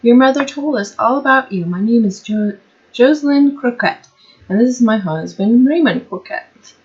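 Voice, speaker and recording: A kind, well-mannered wealthy lady speaks, voiced by a woman reading a story aloud. Her voice sits high and pleasant, patient and polite. The recording is a little muffled. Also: animated, normal speed, a little mellow, lightly acted. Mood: gently reassuring.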